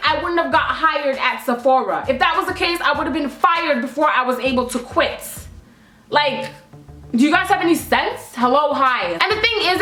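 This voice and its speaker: High-voiced sassy young woman vlogging. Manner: sassy, animated and blunt, swinging into a loud put-on diva voice. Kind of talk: casual storytime vlog. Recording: echoey room with faint music.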